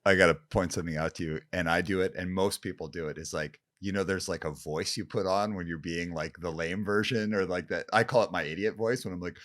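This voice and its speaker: A man hosting a podcast in casual conversation, relaxed and laughing along with his guest. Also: low-pitched, brisk, few pauses, no room sound, studio quality. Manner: relaxed, laughs along, uses slang like "dude". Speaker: podcast host.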